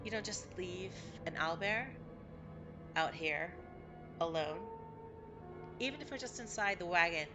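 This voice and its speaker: A woman's voice: fairly low pitch, measured pace, pauses often, natural voice. A woman voicing a tough, scarred woman with professional experience, blunt and wary, over background music. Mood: stern. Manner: blunt and wary, warns sternly.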